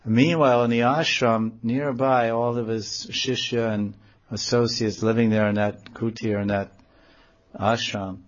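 A man telling a devotional story in a sermon, animated and acting out the quotes in it, in a dull, lo-fi recording. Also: medium pitch, a little slow. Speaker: religious storyteller.

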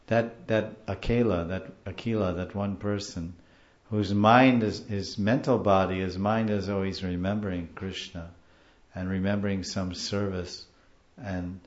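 Animated man teaching scripture, lo-fi sound. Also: low voice, echoey room. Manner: animated, repeats and explains terms. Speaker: spiritual teacher. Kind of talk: scripture class lecture.

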